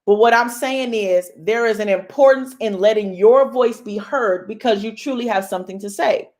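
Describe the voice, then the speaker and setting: A woman's voice: a little high, normal speed, a little mellow. A young woman hosting a casual motivational talk to her viewers, emphatic and bold like a preacher. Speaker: host.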